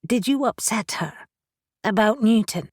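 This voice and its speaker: Woman narrator playing a level-headed young witch, brisk and practical, slow and close. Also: on the high side, lively intonation, a little mellow, slightly rough, no echo, pitched above the performer's own voice. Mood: focused.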